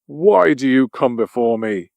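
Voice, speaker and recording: A man's voice: mid-range voice, expressive, measured pace, vocal fry, darkish tone, no room sound. A man voicing a menacing, growling five-eyed beast.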